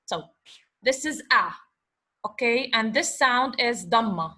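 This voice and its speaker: A woman teaching a slow online lesson, patiently repeating and sounding out letters over a video call. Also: a little high, expressive, bright, forceful tone. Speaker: Arabic teacher.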